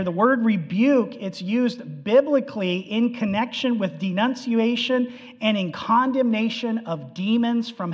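A man preaching a sermon, animated and acting out the quotes, in an echoey hall on a dull, lo-fi recording. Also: high voice.

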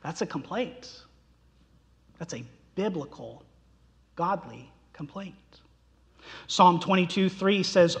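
A man's voice: sits high, lively intonation, takes it slowly, gravelly, pauses often. A man preaching a sermon, impassioned, his voice rising sharply when he voices quoted cries. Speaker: pastor. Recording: long reverb of a large hall.

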